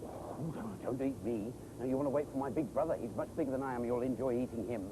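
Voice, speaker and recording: A man voicing a polite, nervous middle-sized billy goat in a children's TV story, pleading in a hurried way. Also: mid-range voice, noisy background, close to an everyday voice.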